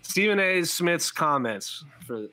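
A man hosting a fight podcast speaks slowly in a fairly high, bright voice with a forceful tone, yet he's very animated. His casual chat is loose and conversational, full of fillers, especially "like."

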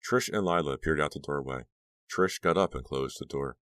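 Male narrator, very deep voice, measured storytelling, dry close recording. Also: a bit bright, no room sound. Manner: measured storytelling, voicing all characters. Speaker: audiobook narrator. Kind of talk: scripted narration.

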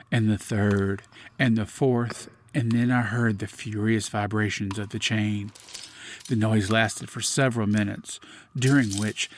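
A man giving a measured, grave dramatic reading of a classic gothic story as podcast host. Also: fairly low pitch, slight background noise.

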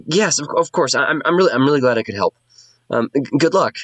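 A man's voice: mid-range voice, lively intonation, fairly bright tone, dry recording, pitched above the performer's own voice. A man voicing an eager, shy young woman bard who gushes and stammers. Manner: bubbly, stammering, fast.

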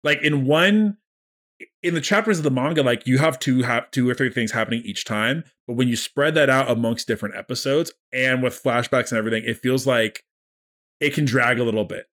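A man's voice: medium pitch, a little fast, a bit bright. A man co-hosting a podcast, chatting loosely about a manga with many fillers and quoted character lines. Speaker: podcast co-host. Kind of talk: casual chat recapping a manga.

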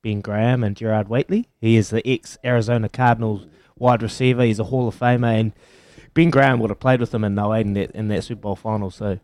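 A man's voice: lowish voice, steady tone, quick pace, hardly any pauses, a little mellow, dry recording. Co-host: man, mid voice, dry studio mic, easygoing, lots of ums. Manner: laid-back, hesitant with ums. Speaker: radio co-host. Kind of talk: casual sports radio banter.

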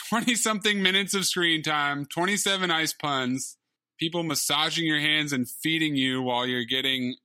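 A man co-hosting a movie podcast in animated, laughing casual chat. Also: normal speed, clean tone, no echo. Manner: animated, laughing, listing highlights. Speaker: podcast co-host.

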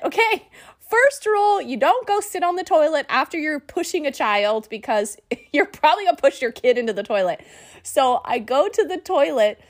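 A woman, hosting a podcast and telling a personal story in an animated way, often laughing and saying "y'all". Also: high-pitched, moderate pace. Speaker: podcast host.

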